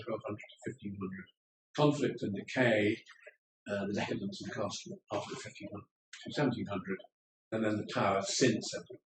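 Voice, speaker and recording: A man's voice: mid-range voice, a little mellow, a little hiss or hum. Man lecturing from across a roomy hall. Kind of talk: public lecture with slides. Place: lecture room in an old house. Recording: roomy room, speaker far from the mic, faint ambience.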